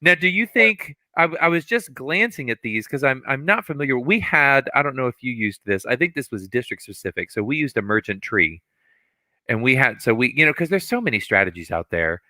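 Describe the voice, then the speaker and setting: A man hosting a casual conversation, an animated storyteller who acts out quotes and laughs often. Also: medium pitch, brisk, no echo. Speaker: podcast host, music teacher.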